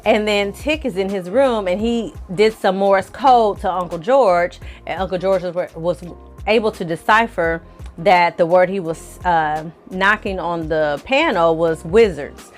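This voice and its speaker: A woman hosting her own channel, recapping a TV episode in a lively, slangy storytelling style. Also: lowish voice, measured pace, soft background music. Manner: animated, slangy storytelling with acted quotes. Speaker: film reviewer, channel host.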